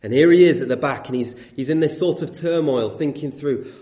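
A man's voice: medium pitch, moderate pace, few pauses, dark tone. A man preaching a sermon, earnest and emphatic, asking the congregation rhetorical questions. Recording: echoey room.

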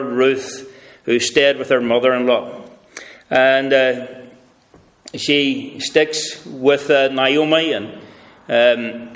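A man preaching a sermon, teaching a Bible passage in a conversational, meandering way with many fillers. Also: fairly bright tone. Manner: conversational, with many fillers, drifts in pitch for emphasis.

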